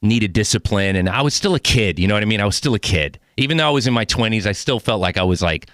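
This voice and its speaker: A man's voice: on the low side, expressive, fast talker, a bit bright, dry recording, clean studio sound. A man in his forties hosting a podcast, talking candidly and earnestly, swearing casually. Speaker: podcast host. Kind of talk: casual interview chat.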